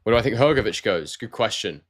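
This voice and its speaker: Man, neutral southern English accent, low voice, casual live stream host, relaxed and chatty. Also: a little fast, slight background noise. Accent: neutral southern English, no regional trace. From Scotland. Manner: relaxed, chatty, addresses viewers as mate. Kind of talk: casual live stream chat reading comments. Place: warm room at home.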